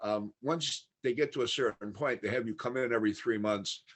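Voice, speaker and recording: A man's voice: mid-range voice, brisk, fairly bright tone. Man, podcast guest, casual interview, candid, matter-of-fact storytelling. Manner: candid, matter-of-fact retelling of a long ordeal.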